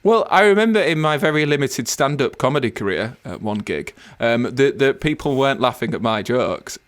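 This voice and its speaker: A man's voice: medium pitch, lively intonation, moderate pace. Wry English man in podcast chat. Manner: self-mocking, wry. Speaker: podcast co-host.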